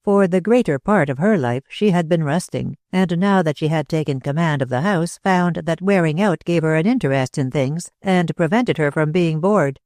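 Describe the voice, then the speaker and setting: A man narrating a classic novel as an audiobook reader, in a measured, even way. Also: a little high, dry recording, studio quality. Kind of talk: scripted narration.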